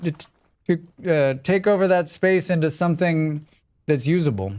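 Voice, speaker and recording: An American man talks loosely and jokes with viewers as he plays through a live-streamed survival game. His voice sits a bit higher than most men's, and his pitch jumps up when he teases or puts on a bit. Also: normal speed, darkish tone, clean tone. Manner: joking, chatty, reads and answers chat. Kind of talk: casual live-stream chat while gaming.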